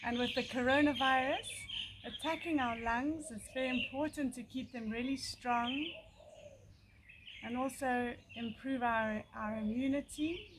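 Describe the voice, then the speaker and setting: A woman with a high, light voice leads a yoga breathing session outdoors, speaking slowly and calmly between pauses. Steady background noise and birdsong sit behind her voice. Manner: calm, slow, soothing guidance with pauses. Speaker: yoga teacher. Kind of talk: guided yoga breathing instruction. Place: outdoors by a country lane.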